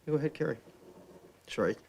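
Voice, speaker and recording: A man chairing a council meeting, calling on speakers and moving motions briskly. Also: a little high, animated, vocal fry, darkish tone. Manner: brisk procedural.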